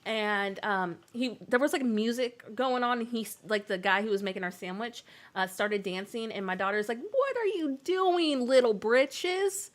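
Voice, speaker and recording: A woman's voice: mid-range voice, steady tone, moderate pace, fairly bright tone. A young woman, chatting casually on a game stream and telling family stories between laughs. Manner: chatty, laughing often, many fillers.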